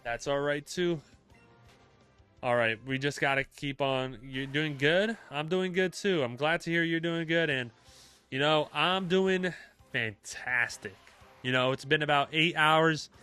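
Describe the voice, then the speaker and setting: A young man chatting casually with his live-stream chat, relaxed and talkative, with many fillers. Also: on the high side, a little slow, smooth, soft background music.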